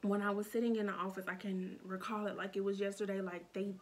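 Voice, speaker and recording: A young woman telling a painful personal story in a halting, emotional way, with many restarts and fillers. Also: mid-range voice, level tone, slight background noise. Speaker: storytime vlogger.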